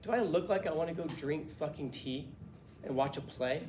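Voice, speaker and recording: A man voicing a blunt, gruff husband who talks slowly and dryly and swears. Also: fairly high pitch, background noise, natural voice. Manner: blunt, swearing, slow and dry.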